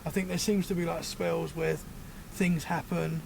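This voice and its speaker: A man's voice: fairly high pitch, little pitch movement, moderate pace, vocal fry, noisy background. A man with a British accent, a podcast guest chatting casually and telling rambling stories that he keeps correcting as he goes. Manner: rambling, self-correcting storyteller. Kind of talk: casual chat.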